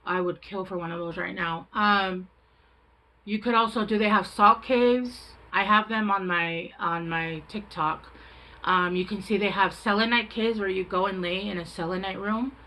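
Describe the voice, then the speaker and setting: Woman tarot reader, bright clear voice, rambling, frank, casual spiritual chat. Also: mid-range voice, low-quality recording. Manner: rambling, chatty, self-interrupting.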